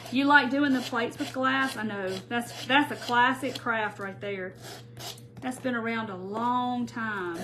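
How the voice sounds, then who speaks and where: A woman's voice: a little high, steady tone, unhurried, noisy background. A woman hosting a live crafting tutorial, chatting casually and greeting viewers by name as she works. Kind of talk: live-stream crafting chat.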